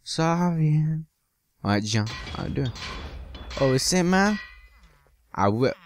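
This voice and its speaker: A man's voice: fairly high pitch, expressive, takes it slowly, a little hiss or hum. A man giving loose, joking commentary over his own gameplay, swearing now and then and slipping into silly bits. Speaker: gaming channel host.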